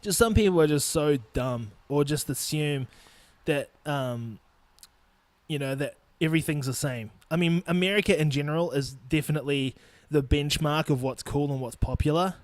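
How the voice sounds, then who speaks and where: Brief: young New Zealand-accented man, swearing podcast host, slightly high voice, dry close sound. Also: normal speed, dry recording. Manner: blunt and profane, laughing between points. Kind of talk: casual solo podcast rant.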